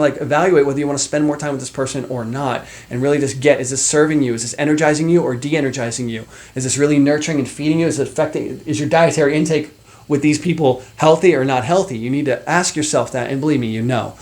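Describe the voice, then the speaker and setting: Middle-aged male life coach, motivational talk to camera, chatty and animated, mid pitch. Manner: animated, conversational, many fillers and asides.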